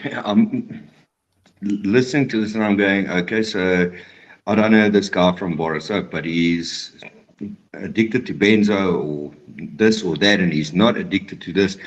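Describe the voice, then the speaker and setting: A man's voice: low-pitched, measured pace. A man, a participant in a recovery discussion, speaking bluntly and wryly over a dull lo-fi line. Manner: blunt, wry. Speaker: group participant. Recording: dull lo-fi sound.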